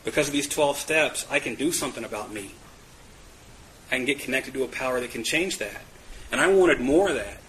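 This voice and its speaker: A man with a bright, forceful voice tells his own recovery story candidly, poking fun at himself, laughing often and tripping over repeated words. His pitch sits in a middle range. A faint hum of room noise is heard behind him. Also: animated, a little fast, poor audio. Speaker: speaker sharing recovery story. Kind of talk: personal testimony at a meeting.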